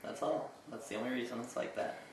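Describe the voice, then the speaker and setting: A young man co-hosting a casual chat, telling stories in a relaxed, dry, profane way. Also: mid-range voice, fast, gravelly. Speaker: co-host. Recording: echoey room, distant mic, faint noise.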